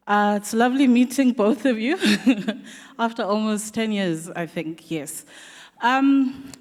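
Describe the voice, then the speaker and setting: A woman's voice: medium pitch, darkish tone. A South African woman, an assistant editor, thanking guests and giving remarks at a community dialogue, with many ums and restarts. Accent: South African English. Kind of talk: public vote of thanks and remarks. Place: hall at a community dialogue event. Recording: long reverb of a venue hall.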